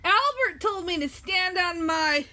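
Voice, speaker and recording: A woman's voice: very high-pitched, very animated, slow pace, pushed and bright, a little hiss or hum, exaggerated voice. Woman reading as a hiccuping little penguin. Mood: fretful. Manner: gasping hiccups between words.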